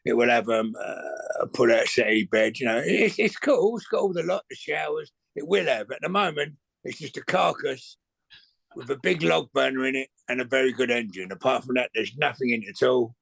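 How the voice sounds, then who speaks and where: Rough-voiced guest in his middle years, dry and close, rambling, sweary storyteller. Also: medium pitch, normal speed, a bit bright, no echo. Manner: rambling, restarts often, swears casually. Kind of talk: casual storytelling chat.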